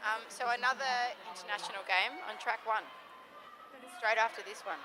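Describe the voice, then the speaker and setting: A woman's voice: on the high side, normal speed, background noise. Australian woman calling roller derby. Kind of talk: live sports commentary.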